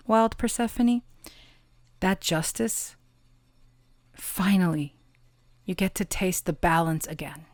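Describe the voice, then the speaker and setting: A woman giving an intimate pick-a-card tarot reading, slow and earnest, affirming her listeners and drawing out key words. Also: on the low side, no echo. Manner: gets emotional and laughs softly at times; occasional swearing and casual fillers.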